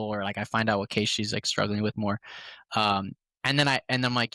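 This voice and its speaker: A man tells stories from his sales calls in a loose, slangy way, acting out both sides of each call. His voice is bright and forceful. The sound is dry and close. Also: medium pitch, a little fast, no room sound. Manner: animated storytelling, quotes his calls in voices; slangy, says "bro" often. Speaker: podcast guest. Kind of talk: casual chat.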